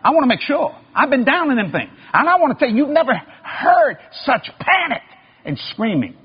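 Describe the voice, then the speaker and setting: A preacher man tells his story in a high, lively voice that leaps around in pitch and rises to shouts. His tone is husky. The recording sounds dull and muffled. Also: normal speed. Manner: animated, acts out sounds and voices, builds to shouting. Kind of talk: sermon storytelling.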